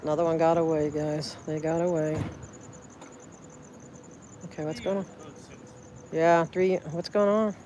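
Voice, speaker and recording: A livestreamer talks casually with viewers, reading their chat, effusive and rambling with frequent restarts. The medium-pitched voice has little pitch movement and a measured pace with long pauses. Background noise is present, as it's recorded on a phone outside at night.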